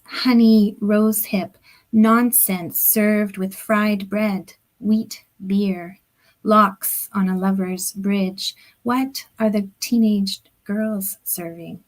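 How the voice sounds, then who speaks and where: A middle-aged woman, a poet, reading her own poems aloud at a book launch over a video call. Her reading is deliberate and measured, and some phrases sink into a soft near-whisper. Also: medium pitch, rough recording. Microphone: computer or headset mic on a video call.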